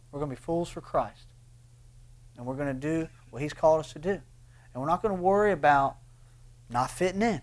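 A man delivers an impassioned sermon. His voice leaps up on emphatic lines and sinks low and quiet when he presses a point. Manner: impassioned preaching, swings between loud bursts and hushed lines. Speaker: pastor.

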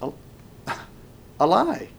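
A man preaching a sermon slowly and emphatically, swinging between loud passages and hushed ones. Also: slight background noise.

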